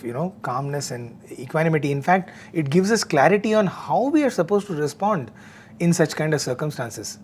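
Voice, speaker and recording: A man talking earnestly about meditation and cheerfulness, often pausing with fillers. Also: a little high, a little mellow, slight background noise. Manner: earnest, frequent fillers and restarts. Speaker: devotional talk speaker. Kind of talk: conversational spiritual talk.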